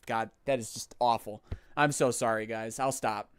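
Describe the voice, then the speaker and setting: A young man casually chatting while livestreaming a game, jokey and quick to poke fun at himself. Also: medium pitch, steady tone, smooth. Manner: self-mocking, jokey, chatty. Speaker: streamer.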